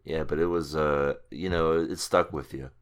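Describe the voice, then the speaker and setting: Very deep-voiced male podcast host. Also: fairly even intonation, normal speed, clear, resonant tone. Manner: joking, teasing. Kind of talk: casual podcast chat.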